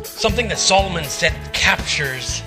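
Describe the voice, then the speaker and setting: A middle-aged male pastor preaching a sermon, telling a personal story and acting out the quotes in hushed voices. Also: high voice, animated, moderate pace, music in the background.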